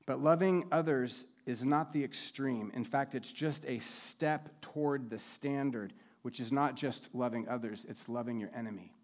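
A pastor gives a sermon in a steady, mid-pitched man's voice. He speaks in a measured way and slows down deliberately to read scripture.

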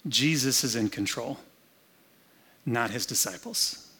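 A man's voice: mid-range voice, slow, bright, forceful tone, breathy edge. A pastor giving a conversational, humorous sermon indoors, acting out the story as he goes. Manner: conversational, humorous, acts out scenes. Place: air-conditioned room, indoors.

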